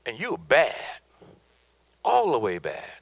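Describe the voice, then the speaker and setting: A man's voice: mid-range voice, huge pitch swings, a little slow, creaky, no echo. A middle-aged man from the American South giving a motivational business talk, emphatic and preacherly, repeating his points for effect. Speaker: business speaker.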